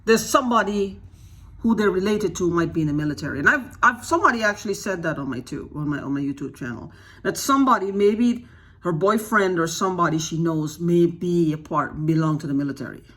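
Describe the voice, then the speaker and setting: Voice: mid-range voice, animated, brisk, fairly bright tone. A vlogger talking straight to the camera in an unscripted monologue, agitated, asking one rhetorical question after another, restarting sentences and repeating phrases for emphasis. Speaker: YouTube channel host.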